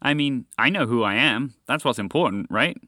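A man's voice: medium pitch, animated, normal speed, pushed and bright, no echo, clean studio sound. A man voicing a small, impatient chocolate lab dog who talks in a judgmental, exasperated, condescending way in a storybook tale. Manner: judgmental, exasperated, matter-of-fact.

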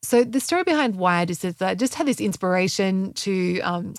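A woman's voice: medium pitch, animated, fairly quick, dry recording, clean studio sound. A middle-aged woman hosting a podcast as a health coach, talking in a chatty, rambling way with lots of fillers and self-corrections. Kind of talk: casual podcast chat.

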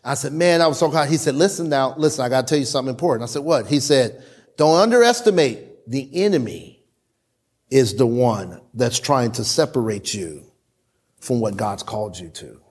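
A middle-aged man pastor preaching a sermon with dramatic pauses and call-and-response. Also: medium pitch, lively intonation, husky.

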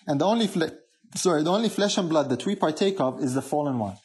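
Man, preacher, sermon, emphatic, asks questions, slightly high voice. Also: expressive, quick pace, a little mellow.

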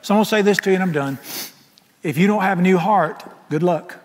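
A middle-aged pastor, preaching a folksy, impassioned sermon that swings from loud to soft. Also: male voice, sits high, quick pace. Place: large church sanctuary. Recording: echoey sanctuary with long reverb.

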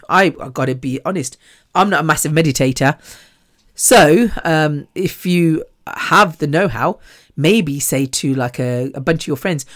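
A podcast host rambles through a casual monologue with a chatty, self-deprecating manner. The voice sits at a middle pitch, and the recording is close and dry, with no room around it. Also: a bit bright, no echo.

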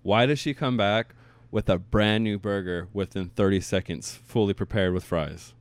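A young man tells a story in casual chat, cursing freely and acting out the quotes. His voice sits on the low side. The sound is dry and close. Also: normal speed, no echo. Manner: animated, profane storytelling, acts out quotes.

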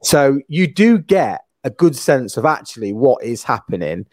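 Mellow man, dry close sound. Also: mid-range voice, very animated, dry recording. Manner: earnest, questioning, halting restarts. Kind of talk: casual chat.

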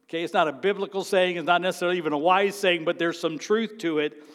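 Man, pastor, dramatic sermon, high voice, long church reverb. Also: quick pace. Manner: dramatic preaching, swings from quiet near-whisper to loud exclaiming. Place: church sanctuary.

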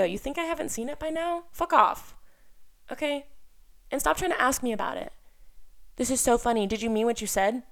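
A young woman hosting her own podcast alone, chatting casually, blunt and profane, with loud outbursts and muttered asides. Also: fairly high pitch, vocal fry. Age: young adult. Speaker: podcast host. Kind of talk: casual solo podcast chat. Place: indoor room with an air conditioner.

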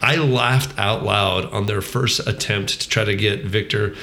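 A man's voice: lowish voice, fairly even intonation, a little slow, pushed and bright, reverberant, slight background noise. A man co-hosting a casual movie review podcast, rambling with frequent ums, restarts and swearing. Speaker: podcast co-host.

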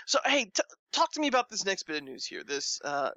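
A man's voice: high voice, big pitch swings, a little fast, bright, forceful tone, no room sound, highs cut off. A man co-hosting a casual podcast chat, laid-back and tired-sounding, with lots of fillers. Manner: laid-back, tired late-night talk with frequent fillers. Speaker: podcast co-host.

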